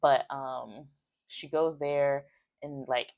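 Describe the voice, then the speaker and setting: A woman's voice: extremely low pitch, fairly even intonation, slow pace, vocal fry, a little mellow, no echo, highs cut off. A woman casually recapping a book's chapters in a chatty way, full of "like" fillers and bits of acted-out quotes. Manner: chatty, with many "like" fillers, acting out quoted lines. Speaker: book reviewer.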